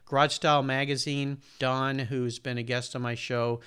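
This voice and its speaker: A man's voice: mid-range voice, little pitch movement, moderate pace, a bit bright, smooth. A man in his sixties, a podcast host being interviewed, talking earnestly and at length in a casual way. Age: 60s. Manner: earnest, detailed, talks at length.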